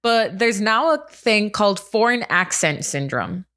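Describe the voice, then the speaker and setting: A woman's voice: mid-range voice, animated, unhurried, fairly bright tone. Chatty woman sharing stories on a podcast. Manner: chatty, storytelling, upbeat. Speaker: podcast co-host. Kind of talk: casual chat, sharing news snippets.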